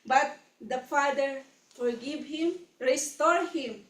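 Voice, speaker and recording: Earnest woman preaching in an echoey hall. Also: sits high. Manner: earnest, halting, repeats words while preaching. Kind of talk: sermon. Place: church hall. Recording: echoey hall, mic from a distance.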